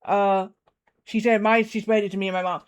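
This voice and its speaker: Guy streaming a game, kinda high voice, rambles and keeps repeating himself. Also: little pitch movement, fairly quick, smooth, muffled recording. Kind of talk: casual storytelling while gaming.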